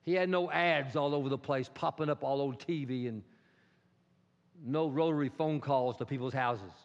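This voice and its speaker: A man preaching a sermon as a pastor, swinging between loud and hushed delivery and acting out quotes. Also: mid-range voice, moderate pace. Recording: dull sound in a reverberant hall.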